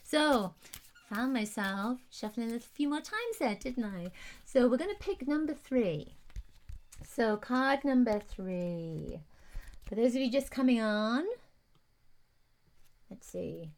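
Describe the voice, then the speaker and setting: A woman's voice: a little high, expressive, slow pace, long pauses, darkish tone. A woman hosting a live angel card reading, gushing and soothing, reading viewer comments aloud and at times close to tears. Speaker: intuitive card reader hosting a live stream.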